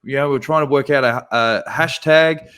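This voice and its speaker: A man's voice: on the high side, normal speed, fairly bright tone, clean tone. A man cohosting a casual podcast chat, telling jokey stories and acting out quotes in big voices. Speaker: podcast co-host.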